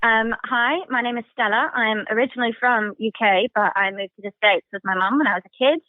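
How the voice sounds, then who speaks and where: A woman's voice: on the high side, steady tone, fairly quick, no echo, natural voice. A woman voicing a young woman faking a British persona in a put-on British accent. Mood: breezy. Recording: tinny phone line.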